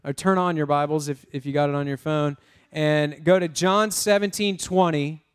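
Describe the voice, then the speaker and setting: A man preaching a lively sermon, prompting the congregation to repeat words and talking in a casual, self-interrupting way. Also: a little high, moderate pace, clear, resonant tone. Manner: energetic, call-and-response with congregation. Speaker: pastor.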